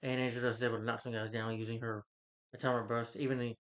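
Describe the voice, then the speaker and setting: A man casually retelling a film's plot as a reviewer, rambling with restarts, chuckling, and jumping into a higher voice for quoted lines. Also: flat delivery, quick pace, fairly bright tone. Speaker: movie reviewer. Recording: dull lo-fi recording.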